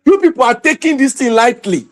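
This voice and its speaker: A man's voice: extremely high pitch, animated, a little fast. A Nigerian man hosting impassioned political commentary, preaching and exhorting his viewers with a fiery, repetitive delivery.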